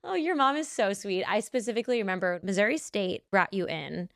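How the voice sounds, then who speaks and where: A woman's voice: mid-range voice, brisk, no room sound, studio quality. A woman in her thirties hosting a podcast, chatting with a guest enthusiastically and asking leading questions. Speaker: podcast host, actress. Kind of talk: casual interview chat.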